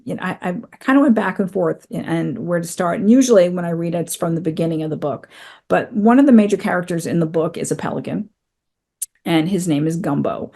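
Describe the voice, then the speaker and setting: A woman's voice: low-pitched, vocal fry, a little mellow. A woman in her fifties from New England, a guest author chatting about her novel. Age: 50s. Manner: chatty, with frequent fillers and restarts. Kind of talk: casual interview chat.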